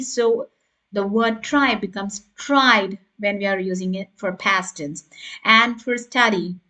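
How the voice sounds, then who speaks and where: Slow, patient woman teaching grammar. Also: a little high, pushed and bright. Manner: slow, patient, spells out letters and checks in with "right?". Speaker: English teacher. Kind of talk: grammar lesson.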